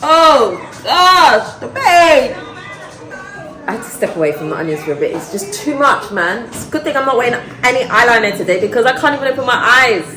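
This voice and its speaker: A woman's voice: fairly high pitch, racing, hardly any pauses, soft background music. A middle-aged woman chatting casually to camera in her kitchen, exclaiming and talking straight to her viewers. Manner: expressive, exclaiming, talks to camera. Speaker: vlogger. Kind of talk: casual vlog chat. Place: home kitchen. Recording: roomy kitchen echo.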